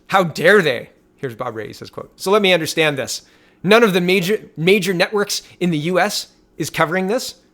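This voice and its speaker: A man hosting a casual political commentary show, reading tweets and news aloud in an animated, indignant way. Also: on the high side.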